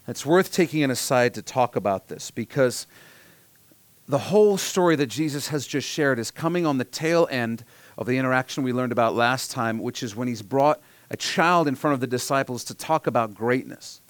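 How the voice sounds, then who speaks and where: A man's voice: medium pitch, measured pace, no room sound. Earnest male pastor preaching, dry sound. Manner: earnest preaching, drops to soft near-whispers for emphasis. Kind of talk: sermon.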